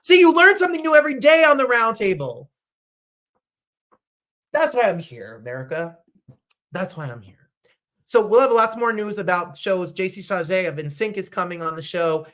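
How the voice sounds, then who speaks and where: A man from New Jersey hosting a talk show, chatting casually with gushing, animated asides. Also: high-pitched, normal speed, long pauses. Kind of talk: casual livestream chat.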